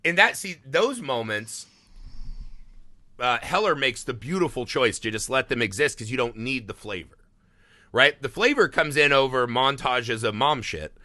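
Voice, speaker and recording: Animated, bright-voiced man reviewing a film. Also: medium pitch, moderate pace, no echo, studio quality. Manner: profane, animated, acts out quotes from the film. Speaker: podcast co-host. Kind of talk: casual film review chat.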